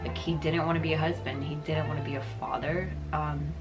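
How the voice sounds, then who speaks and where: A woman's voice: sits low, flat delivery, brisk. A woman in her twenties vlogging, talking candidly and reflectively with plenty of swearing. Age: 20s. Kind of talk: confessional casual chat to camera. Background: background beat music.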